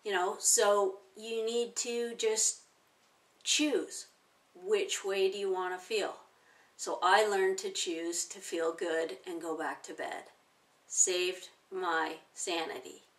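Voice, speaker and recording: A woman in her forties, a self-help teacher, calmly walking through a technique step by step with everyday examples. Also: mid-range voice, slow, distant mic. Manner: calm, explaining step by step with plain examples. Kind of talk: instructional talk to camera.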